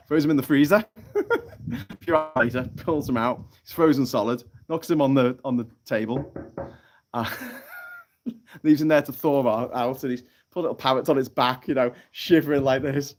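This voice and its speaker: A man's voice: mid-range voice, animated, normal speed. Brief: male stream host, casual and sweary, chatty joke-teller, mid-range voice. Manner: chatty and sweary, telling jokes with lots of laughter. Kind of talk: casual live-stream chat reading out chat comments. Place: off-grid tropical island, from a hammock.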